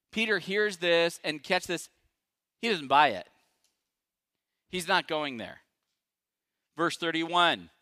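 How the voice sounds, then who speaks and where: A male pastor preaching a sermon, emphatic and dramatic, swinging from loud declarations to hushed asides. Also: a little high, clear, resonant tone, no echo, clean studio sound.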